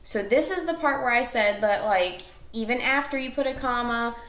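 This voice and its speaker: A woman's voice: a little high, moderate pace, fairly bright tone, echoey room. A woman teacher talking through a recorded class lesson step by step, with fillers and self-corrections.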